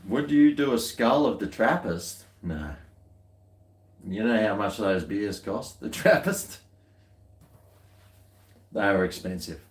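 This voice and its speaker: A man's voice: on the low side, lively intonation, slow pace, long pauses, roomy sound. An Australian man chatting casually while tasting beer, rambling along with dry, muttered asides.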